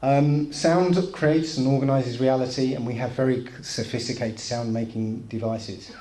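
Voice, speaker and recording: Man giving a casual talk, dark mellow voice, conversational, echoey room. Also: medium pitch, fairly even intonation, moderate pace. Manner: casual, conversational, asides like "you know". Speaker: presenter. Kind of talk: lecture presentation.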